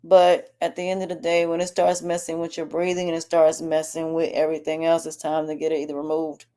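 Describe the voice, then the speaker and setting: A woman's voice: low voice, completely flat delivery, brisk, mellow. A woman podcast host with a sore, swollen throat, speaking candidly in a rambling personal update. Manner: candid, rambling, with frequent restarts. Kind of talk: personal health update monologue.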